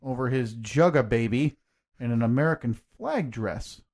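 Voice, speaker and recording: A young man co-hosting a podcast, teasing his partner with deadpan quips in casual banter. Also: mid-range voice, moderate pace. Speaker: podcast co-host.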